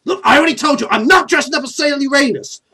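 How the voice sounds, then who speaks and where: A man's voice: sits high, very fast, creaky, breathy edge, far from the mic, full character voice. A man voicing a proud, irritable young male rival duelist who talks in a curt, exasperated way. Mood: irritated.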